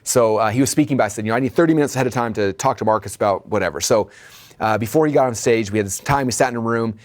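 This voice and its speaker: A man's voice: medium pitch, racing, a little mellow. A man coaching a business training lesson with energy, checking in with "okay?" and "right?" and acting out the dialogue in his stories.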